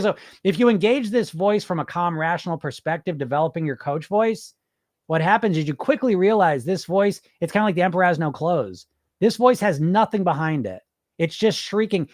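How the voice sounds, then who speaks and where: A high-pitched man speaks at normal speed on his podcast, a casual monologue where he plays a weight loss coach who's blunt, animated, and freely profane, voicing the thoughts in his head. It's a dry, clean studio recording.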